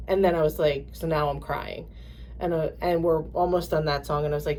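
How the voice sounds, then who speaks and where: A woman co-hosting a podcast, telling stories in a halting way with many restarts and acting out quoted voices. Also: low voice, a little hiss or hum. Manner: animated storyteller, acts out quoted voices. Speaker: podcast co-host. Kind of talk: casual chat.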